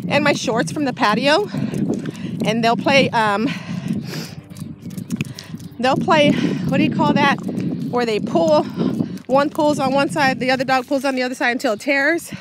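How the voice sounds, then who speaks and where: A woman's voice: high voice, moderate pace, long pauses. Breathless woman chatting on a windy walk. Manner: rambling, chatty, laughs often. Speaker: vlogger. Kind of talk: casual vlog chat while walking. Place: outdoors by a bay, windy. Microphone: handheld device held while walking. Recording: loud wind and outdoor noise. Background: wind, birds, dog.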